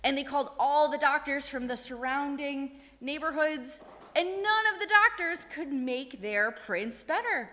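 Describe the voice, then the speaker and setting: A woman telling a story to a group of children, animated and asking them questions along the way, in a synagogue sanctuary. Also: sits high, a little slow. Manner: animated, asks the kids questions. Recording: echoey hall.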